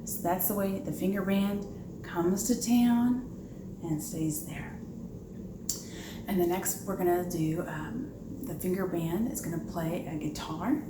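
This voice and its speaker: A woman's voice: lowish voice, measured pace. A children's librarian leading a preschool storytime, upbeat and chatty, asking the little ones questions as she explains. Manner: upbeat, talks to young children, asks questions. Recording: echoey room with background noise.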